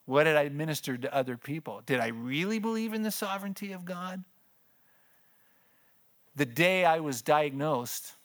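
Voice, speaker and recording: An older man, a pastor and missions speaker, shares his personal testimony in a conversational storytelling style. He laughs often while telling it, and his voice drops low during the heavy moments.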